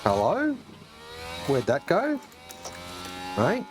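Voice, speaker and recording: Excitable Australian streamer, curses freely, says mate a lot, game music behind. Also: male voice, fairly high pitch, extremely slow. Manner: excitable, swears often, calls everyone mate. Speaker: gaming streamer. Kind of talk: casual live game commentary. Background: game music and engine sounds.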